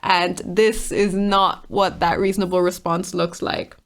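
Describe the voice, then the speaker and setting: A woman's voice: lowish voice, little pitch movement, a little slow. A woman giving casual, exasperated commentary while reading out online comments, often laughing.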